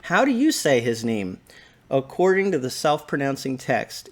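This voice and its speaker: A man hosting a casual explainer video, talking in a relaxed, light-hearted way and often asking his viewers questions. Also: medium pitch, a little slow. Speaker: video host discussing Bible pronunciation. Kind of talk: casual explanatory talk to camera.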